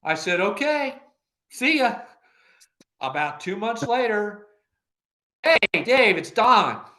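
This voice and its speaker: An older man, a former agency director, telling anecdotes in an interview and acting out the dialogue he quotes, with frequent laughter. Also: sits high. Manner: animated storyteller who acts out quoted dialogue, laughing often.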